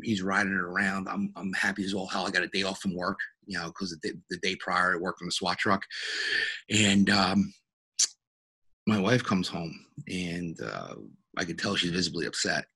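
A middle-aged police officer speaks low and husky with a forceful, bright edge. He tells his story haltingly and earnestly, stopping often to restart and fill pauses as a podcast guest. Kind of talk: personal story in a podcast interview.

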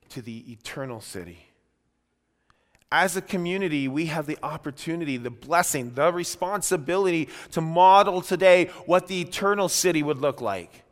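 A man preaching a sermon as pastor, emphatic, swelling and dropping his voice with slow stressed phrases. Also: mid-range voice, fairly bright tone. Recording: long hall reverb.

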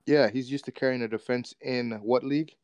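A man's voice: mid-range voice, fairly even intonation, a little fast, clear, resonant tone, no room sound. A man co-hosting a podcast, bantering casually about football and teasing his friends with lots of slang. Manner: teasing, laughs loudly, slang-heavy. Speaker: podcast co-host.

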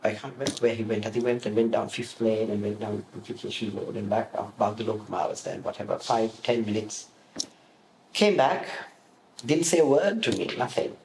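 A man answering interview questions, telling lively stories about his past and acting out the voices of the people in them. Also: on the low side, a little fast, creaky. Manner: animated storyteller, acts out quoted voices. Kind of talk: reminiscing in an interview. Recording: roomy echo with faint room noise.

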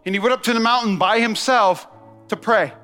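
A man preaching in a large church with a high, bright, forceful voice. He talks to the congregation with quick asides and call-and-response. His voice rings with long hall reverb over soft music. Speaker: pastor. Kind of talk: sermon.

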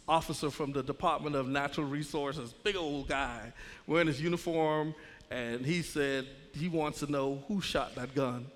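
Guy cracking up while telling a wild story at church, high bright voice, big echoey hall. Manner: animated, laughing, dramatic retelling. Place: church sanctuary.

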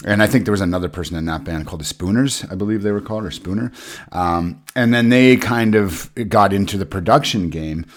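A man's voice: sits low, a little fast. A man on a podcast panel, talking casually about a band's history in an easygoing, hesitant way with many uhs. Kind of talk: casual album review chat.

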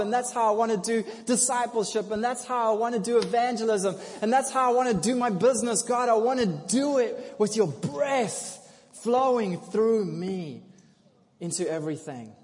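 A man preaching a sermon. He swings from hushed to loud, laughs often, and. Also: high-pitched. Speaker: pastor. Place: church hall. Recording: long hall reverb.

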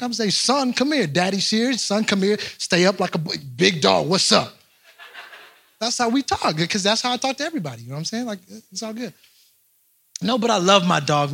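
A young man giving an animated, joking storytelling talk to a young crowd, addressing them directly. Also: high-pitched, gravelly. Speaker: youth speaker.

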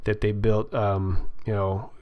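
A middle-aged man hosting a casual political talk show, rambling and halting with many fillers and restarts, his throat dry. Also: fairly low pitch, little pitch movement, no room sound, dull audio. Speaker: podcast host.

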